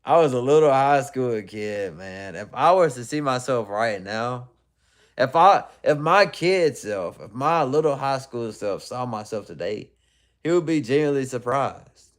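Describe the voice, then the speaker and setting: A man's voice: mid-range voice, expressive, a little slow. A young man casually chatting on a livestream, reading viewer comments in a loose, rambling way and laughing often. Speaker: livestream host.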